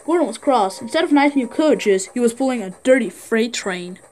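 A woman's voice: a little high, expressive, moderate pace, darkish tone, a little hiss or hum. A woman narrating a train story for a fan redub, reading plainly with small slips.

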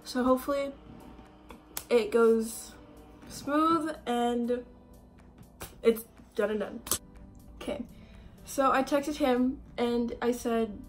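Nervous giggly girl vlogging, kinda high voice, talks slow, lots of "like". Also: faint music behind. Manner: nervous and giggly, many "like" fillers. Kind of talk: casual vlog talk.

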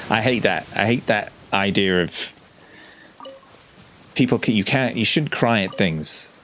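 Deep, unhurried gamer. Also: male voice, lively intonation, a bit bright, a little hiss or hum. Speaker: gaming video host. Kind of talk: relaxed let's-play commentary.

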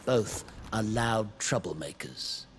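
An actor playing a stern male guard in a video game, giving a calm, measured report. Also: fairly low pitch, breathy edge. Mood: matter-of-fact. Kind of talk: video game character dialogue.

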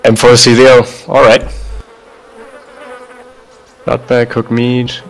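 A man's voice: mid-range voice, completely flat delivery, takes it slowly, long pauses, low-quality recording. A man chatting casually while playing a shooter game with a friend, laid-back and swearing often. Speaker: gamer.

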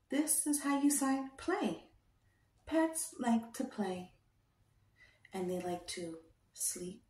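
A woman teaching toddlers, speaking slowly in a sing-song, coaxing way and asking them gentle questions. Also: a little high, distant mic. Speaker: children's educator. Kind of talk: toddler lesson with sign language. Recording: roomy echo.

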